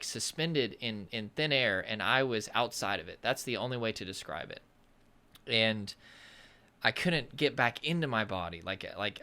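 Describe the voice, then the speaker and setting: A man's voice: medium pitch, sharp tone. A man from the American South talking casually to camera as a coach, rambling and searching for words, with self-deprecating humor. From Southern United States. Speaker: nervous system coach.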